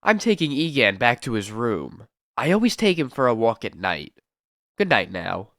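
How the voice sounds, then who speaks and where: A man's voice: medium pitch, sing-song, normal speed, a bit bright, no echo, studio quality. A man voicing a sinister male asylum doctor who sounds politely menacing. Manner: silkily polite, veiled threats.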